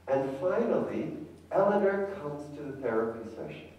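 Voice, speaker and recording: A man's voice: on the high side, sing-song, moderate pace, darkish tone, lo-fi sound. A man giving a conference talk as a family therapist, engaging the audience with questions. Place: conference hall. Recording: echoey hall from far off.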